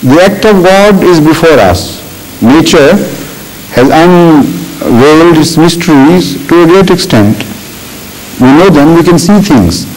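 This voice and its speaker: A man with a slightly high, animated voice answers audience questions at an unhurried, deliberate pace, stopping often to cough. The old recording carries a faint hiss. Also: rough recording. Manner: measured, deliberate speech with frequent coughs.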